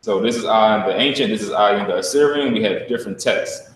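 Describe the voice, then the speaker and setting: A man standing in as teacher in a live online class, talking casually and slowly sounding out letters one by one with emphasis. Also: lowish voice, slight background noise. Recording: echoey room, voice from a distance.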